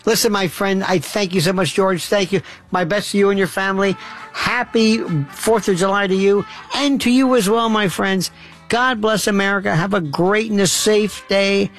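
A man's voice: high voice, steady tone, moderate pace, a bit bright, faint music behind. A man hosting a late-night call-in radio show, effusive and theatrical. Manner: theatrical, effusive sign-offs. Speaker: radio talk show host.

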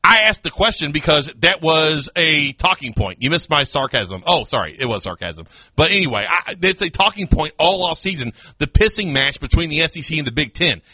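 Male sports radio host, sarcastic and mocking, bright lively voice, dry close mic. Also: fairly high pitch, brisk, few pauses, no echo. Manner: sarcastic, mocking, mimics fans in raised voice. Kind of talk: sports talk radio rant.

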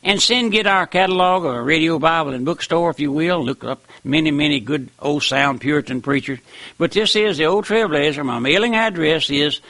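A man's voice: fairly high pitch, brisk, pushed and bright, dry recording. A man preaching a fervent radio sermon, emphatic and dogmatic, who keeps calling listeners his friend.

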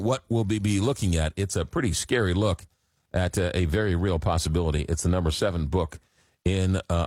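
A man hosting a radio talk show, joking and animated, often repeating words as he starts a sentence. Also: sits low, no echo, studio quality. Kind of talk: late-night radio talk.

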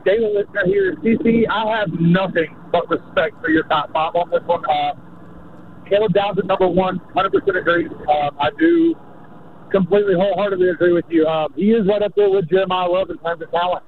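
A man's voice: high voice, sing-song, a little fast, creaky, a little hiss or hum. A man from South Mississippi calling into a sports radio show, out of breath as he works outdoors on a golf course, rambling with lots of fillers. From South Mississippi, US Gulf Coast. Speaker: caller. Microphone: phone call. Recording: tinny dry phone line.

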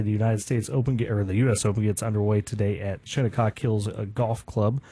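Radio guy reading local news, low-ish husky voice, laid back. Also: no echo. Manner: relaxed, reads items with fillers. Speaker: radio co-host.

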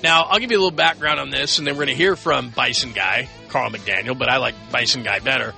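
A man's voice: mid-range voice, fast, creaky, pushed and bright, faint music behind. A man hosting a late-night sports radio show from a studio, chatting loosely with plenty of fillers and restarts. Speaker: radio sports talk host.

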